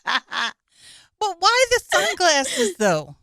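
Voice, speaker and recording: A woman's voice: very high voice, huge pitch swings, drawn-out words, sharp tone, no echo, studio quality. A woman co-hosting a comedy podcast, teasing and swearing through wry running commentary. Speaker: podcast co-host. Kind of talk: comedic chat.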